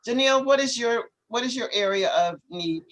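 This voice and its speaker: A woman teaching English to students over a video call. She is patient and corrective, and she stretches words out slowly to model how they are said. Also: fairly high pitch, fairly bright tone, a little hiss or hum. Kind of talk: online class coaching.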